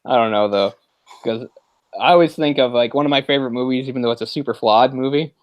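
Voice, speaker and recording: A man's voice: mid-range voice, fast, dry recording, lo-fi sound. A man co-hosting a casual movie discussion podcast, rambling, searching for words and laughing often. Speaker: podcast co-host.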